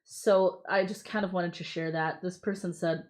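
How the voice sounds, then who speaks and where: A woman's voice: on the low side, steady tone, normal speed. An American woman co-hosting a live stream, chatting casually and reading reviews aloud with amusement. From United States. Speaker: co-host.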